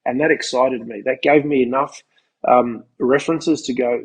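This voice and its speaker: A man with a husky, slightly breathy voice explains ideas on a podcast. He talks like a coach, often restarting his sentences as he builds up to his point. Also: medium pitch, steady tone, a little fast, low-quality recording. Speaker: podcast co-host. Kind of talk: conversational podcast chat.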